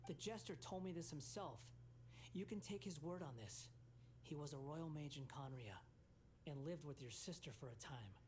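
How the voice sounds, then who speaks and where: A voice actor playing an aloof, sardonic young male puppet-god in a game, speaking in a cool, clipped, soft-spoken way. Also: a little high, normal speed, a little hiss or hum, close to an everyday voice. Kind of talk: game cutscene dialogue.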